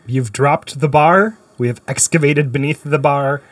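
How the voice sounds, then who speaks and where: A man's voice: fairly high pitch, fairly even intonation, unhurried, a bit bright. A man co-hosting a podcast, teasing the others playfully in casual banter. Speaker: podcast co-host.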